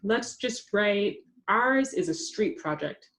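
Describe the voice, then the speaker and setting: A woman voicing a frail, pale schoolgirl in a wheelchair with a small, squeaky voice that she keeps calm and matter-of-fact. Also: fairly quick, lightly acted.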